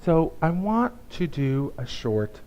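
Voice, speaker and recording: A man giving a conversational, emphatic sermon at a church service, with pauses and restarts. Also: on the high side, sing-song, a little mellow, rough recording. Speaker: guest speaker.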